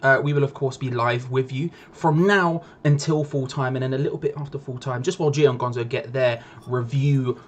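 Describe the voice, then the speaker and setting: A man's voice: medium pitch, steady tone, a little fast, few pauses. A young man, casually co-hosting a live football watch-along in a playful, repetitive way. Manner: chatty, playful, repeats himself for effect. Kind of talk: casual live-stream chat.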